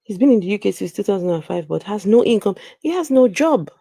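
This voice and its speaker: A woman hosting a casual livestream chat, animated and exclaiming as she reads viewer comments aloud. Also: mid-range voice, fast talker, gravelly, no echo, studio quality. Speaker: channel host.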